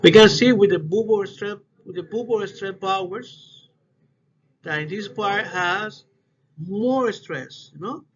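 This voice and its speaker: A man giving a class presentation on word stress, in halting English that repeats words as he goes. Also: sits high. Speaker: student presenter. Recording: dull lo-fi recording with faint noise.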